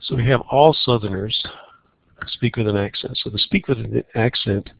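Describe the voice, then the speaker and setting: A man teaching a recorded math lesson on logic problems, walking through each problem in a relaxed way and thinking aloud. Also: on the low side, normal speed, creaky, no room sound, highs cut off.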